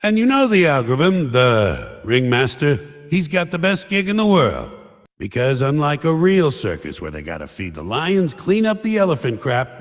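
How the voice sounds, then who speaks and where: An older man delivering a sardonic stand-up monologue, mocking and ranting in punchy short lines. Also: fairly high pitch. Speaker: stand-up comedian. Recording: long hall reverb.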